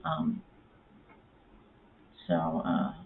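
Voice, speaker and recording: A woman's voice: rumbling low, sing-song, drawn-out words, vocal fry. A woman chatting casually in a home vlog, rambling with lots of fillers and cooing at her cats in baby talk. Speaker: vlogger. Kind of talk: casual chat. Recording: tinny phone-like audio with faint noise.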